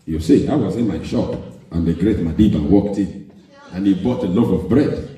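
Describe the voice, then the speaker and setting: A man's voice: deep voice, moderate pace, mellow, voice pushed down, natural voice. A man voicing an earnest South African shopkeeper telling a story to an interviewer. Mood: proud. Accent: South African, as mimicked. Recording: echoey live hall, distant mic.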